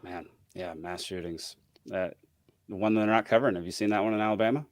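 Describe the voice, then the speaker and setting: A man's voice: lowish voice, fairly even intonation, fairly quick, no room sound. Laid-back man as podcast guest. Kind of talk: casual podcast chat.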